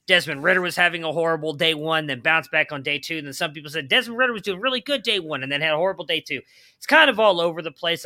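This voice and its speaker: A man's voice: a little high, bright, forceful tone. A man hosting a casual football podcast, joking about himself and laughing easily. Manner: self-deprecating, laughs easily. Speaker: podcast host.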